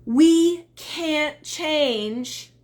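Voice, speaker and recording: A woman's voice: sits high, drawn-out words, a little mellow. A woman dating coach talking on a live stream, earnest and emphatic, greeting viewers as they join.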